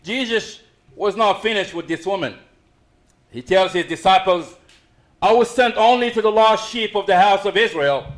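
A middle-aged man preaching a sermon as pastor, swinging between raised emphasis and quiet asides. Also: sits high, normal speed.

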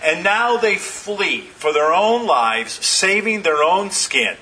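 A man's voice: high voice, lively intonation, slow, bright, forceful tone, recorded from a distance, poor audio. A man preaching a sermon, retelling scripture with dramatic, emphatic repetition.

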